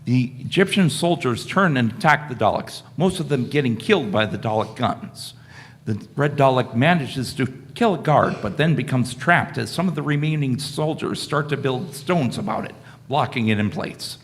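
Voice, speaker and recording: A man narrating the stage directions of a live fan radio play in plain, steady narration. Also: medium pitch, moderate pace.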